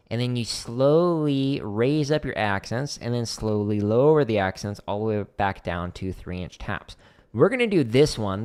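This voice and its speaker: A man teaching drum technique on a casual livestream, explaining exercises as he demonstrates them. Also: lowish voice. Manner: relaxed, explanatory, talks while demonstrating. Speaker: drum teacher streaming practice.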